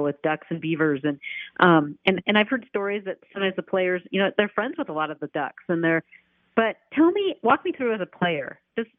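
A woman's voice: lowish voice, no room sound. A woman co-hosting a casual sports podcast, asking her co-host upbeat questions. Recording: tinny phone-line sound.

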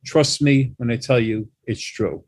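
A man, a guest on a travel talk show, telling animated stories about driving with quoted back-and-forth. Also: medium pitch, measured pace. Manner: animated anecdotes with quoted dialogue. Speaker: guest, New York travel expert. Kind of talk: casual storytelling chat.

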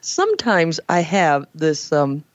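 A woman hosting a late-night call-in radio show, chatty and animated, with playful asides. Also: sits low, slow, no room sound, highs cut off. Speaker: radio talk show host. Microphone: headset.

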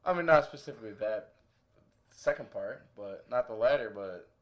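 A man's voice: fairly low pitch, expressive, moderate pace. A young man in casual conversation, telling stories in a laid-back, bragging way. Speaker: guest.

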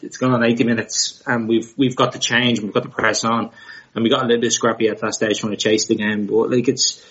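A man co-hosting a casual football chat, talking things through in a measured, reasoning way. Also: medium pitch, little pitch movement, fairly bright tone. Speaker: podcast co-host. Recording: slightly muffled sound.

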